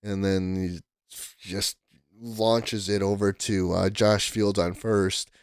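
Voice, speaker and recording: A man's voice: on the low side, slow pace, clear, resonant tone, no echo, clean studio sound. A man in his twenties telling a story to camera in a casual, rambling way, full of "like" and restarts. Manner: rambling, excitable, heavy use of "like" and restarts. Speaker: vlogger.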